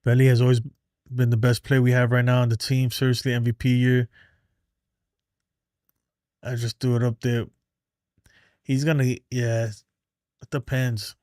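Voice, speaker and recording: A man chats loosely as the host of a live fan stream, sprinkling his talk with filler words. He is short of breath. His voice sits at an ordinary middle pitch, recorded dry and close. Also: little pitch movement, measured pace, pauses often, darkish tone, no echo. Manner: loose and conversational, many "like" and "man". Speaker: sports fan show host. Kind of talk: casual live-stream chat.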